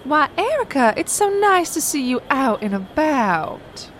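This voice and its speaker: Woman playing a Southern busybody, gloating, syrupy drawl, high and lively. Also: a little hiss or hum. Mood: sugary gloating. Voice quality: syrupy, drawn-out fake sweetness. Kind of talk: comedic audio drama acting.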